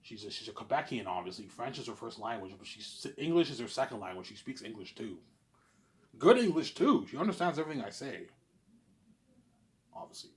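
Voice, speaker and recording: A man's voice: medium pitch, big pitch swings, brisk. Rambling, boastful man talking to camera. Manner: repetitive, boastful, keeps saying obviously; swings between loud bursts and mumbling. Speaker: vlogger. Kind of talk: rambling monologue.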